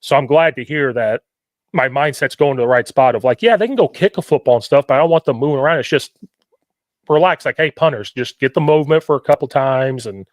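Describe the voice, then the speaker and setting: A man hosting a podcast, telling coaching stories in an animated way and often quoting himself. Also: mid-range voice, brisk, dry recording. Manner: animated storytelling, quoting himself, repetitive questions. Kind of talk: casual podcast conversation.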